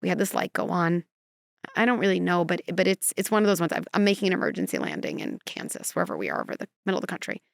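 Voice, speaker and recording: A woman voicing a calm, matter-of-fact male airline pilot making an announcement. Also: lowish voice, quick pace, gravelly, no room sound, clean studio sound.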